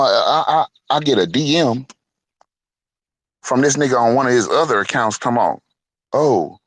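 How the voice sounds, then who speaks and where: A man's voice: medium pitch, no echo. A middle-aged man telling a heated, profane story in an angry monologue, mocking the people he quotes. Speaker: online show host.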